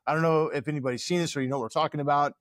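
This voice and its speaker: A man's voice: a little high, steady tone, racing, a bit bright, no room sound. A man hosting a casual podcast chat in a studio, rambling and searching for words with many fillers. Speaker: podcast host. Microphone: studio microphone.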